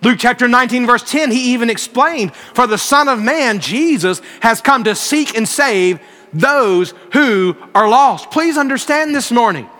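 High, bright-voiced preaching man. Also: animated, unhurried, big-room sound. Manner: earnest storytelling with emphatic rises. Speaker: pastor. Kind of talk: sermon.

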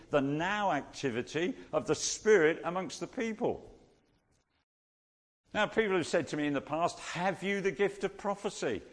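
A man preaching a sermon, teaching slowly and repeating key phrases for emphasis. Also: on the high side, big pitch swings, big-room sound.

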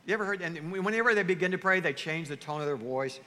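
A pastor preaches in a lively, animated way, acting out the voices of churchgoers. His voice is high and bright, and it rings with a long hall reverb. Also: fast, hardly any pauses. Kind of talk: sermon.

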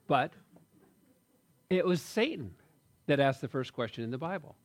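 A man in his sixties giving a sermon, telling a story with jokes and asides in a lively way. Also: a little high, moderate pace. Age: 60s. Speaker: pastor.

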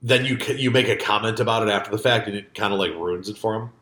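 A man co-hosting a podcast, talking in loose, rambling casual chat with plenty of cursing and fillers. His voice sits fairly low and carries room echo. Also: quick pace, a bit bright. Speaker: podcast co-host. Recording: echoey room.

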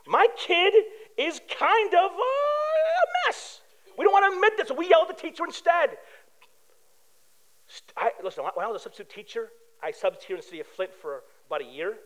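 A man from preaching a sermon as pastor, animated and telling stories with acted-out quotes. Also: very high-pitched, quick pace, rough recording.

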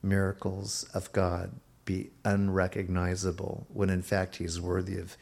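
A male pastor preaching a sermon in an unhurried, emphatic way, his voice sometimes rising suddenly. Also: deep voice, monotone, gravelly, a little mellow.

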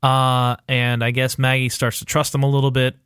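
Male podcast co-host, mid-pitch, rambling and profane, dry close mic. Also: completely flat delivery, normal speed, fairly bright tone, clear, resonant tone, dry recording. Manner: rambling, profane, full of fillers and quoted asides. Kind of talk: casual TV recap chat.

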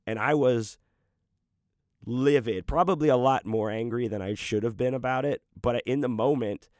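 A man's voice: mid-range voice, normal speed, darkish tone, no echo, clean studio sound. A man casually telling a personal story, rambling and swearing freely with lots of fillers. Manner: profane, rambling, full of fillers.

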